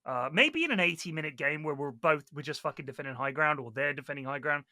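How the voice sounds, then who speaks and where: A man's voice: fairly high pitch, fast talker, dry recording, clean studio sound. A man chatting as a podcast guest, telling stories with a lot of swearing. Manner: animated storyteller, swears a lot, mimics other players. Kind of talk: casual podcast chat.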